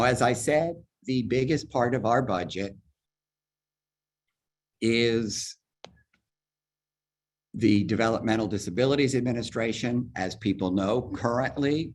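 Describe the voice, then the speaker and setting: A man heading an agency, walking a virtual public forum through budget figures step by step on a video call, talking fast and explaining as he goes. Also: mid-range voice. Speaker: agency head presenting a budget. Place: virtual meeting, speaking from home or office.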